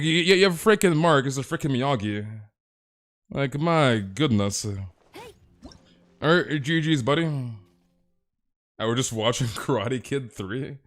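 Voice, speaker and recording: A man's voice: lively intonation, unhurried, pauses often, a bit bright. A man streaming a game, chatting casually and rambling with repeated words. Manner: rambling, repetitive, trails off low.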